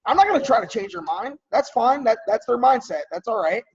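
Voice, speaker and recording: Man, team coach: husky, higher-pitched, conversational, dull lo-fi audio a bit off-mic. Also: expressive, fairly quick, distant mic. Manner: conversational, checks in often with "right?" and "okay?"; clears throat often. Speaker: team coach leading a training call. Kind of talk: casual coaching talk.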